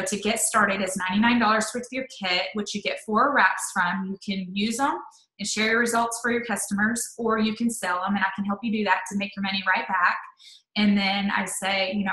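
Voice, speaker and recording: A chatty, upbeat woman talks her team through how she messages new recruits. Her voice is bright and forward, with lots of "um" and "like" as she goes. The room around her rings with noticeable echo. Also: mid-range voice. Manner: upbeat, chatty, says "um" and "like" often. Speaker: network marketing leader. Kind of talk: casual live-stream training talk.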